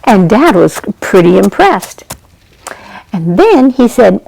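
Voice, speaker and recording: A woman's voice: medium pitch, very animated, slow, gravelly, darkish tone, poor audio. A woman narrating a children's story in a chatty way, often turning to ask her listeners questions. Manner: chatty, addresses listeners directly.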